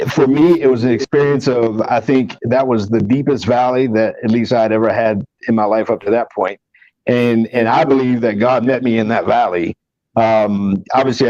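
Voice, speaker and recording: Man, mid-pitched voice, earnest rambling storyteller, says "man" a lot, muffled recording. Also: a little mellow, no echo. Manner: rambling and earnest, many restarts, keeps saying "man". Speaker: podcast co-host. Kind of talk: personal story in casual chat.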